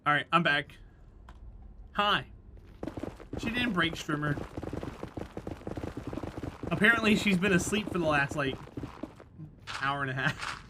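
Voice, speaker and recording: Chatty male streamer, high voice, rambling casual talk over clear background noise. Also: animated, slow, pauses often. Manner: rambling, chatty, laughs easily. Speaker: game streamer. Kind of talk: casual live-stream chat while gaming.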